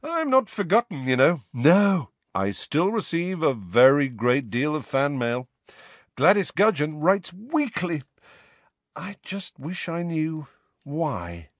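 A man voicing a vain, childlike grown man who talks in a bright, showy, eager way. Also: on the high side, sing-song, takes it slowly, dry recording, voice pushed up, full character voice. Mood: boastful.

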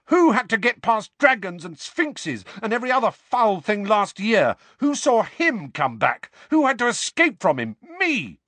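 A man reading aloud, voicing an angry teenage boy who shouts bitter questions. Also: on the high side, big pitch swings, normal speed, hardly any pauses, husky, no echo, pitched above the performer's own voice, full character voice. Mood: furious. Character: furious teenage boy, hurt and resentful.

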